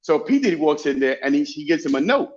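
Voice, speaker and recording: An animated man telling stories as a guest, repeating and restarting his phrases as he goes. His voice is somewhat high for a man. The recording sounds muffled and lo-fi. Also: quick pace. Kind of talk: casual storytelling.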